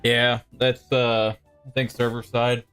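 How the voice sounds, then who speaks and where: Man explaining mod commands, relaxed. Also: medium pitch, slow pace, clear, resonant tone. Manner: relaxed, explaining with restarts and chuckles. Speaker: developer of the game mod. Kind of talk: casual gaming chat on a stream. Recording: faint music behind.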